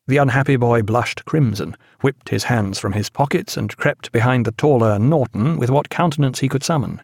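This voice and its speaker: A man narrating an audiobook in a measured, even storytelling manner, recorded on a close studio mic. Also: mid-range voice, gravelly, breathy edge, dry recording. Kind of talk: scripted narration.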